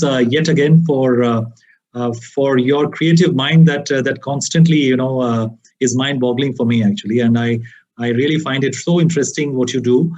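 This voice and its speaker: A man's voice: medium pitch, darkish tone. A man, a hotel general manager, opening a conference talk politely and hesitantly with many fillers, on a video call.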